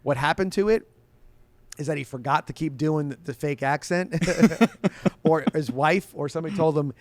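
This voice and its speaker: Here a sports radio host with a fairly high-pitched voice speaks at a moderate pace, captured dry. He takes listener questions in relaxed talk-show fashion, rambling and repeatedly restarting what he's saying.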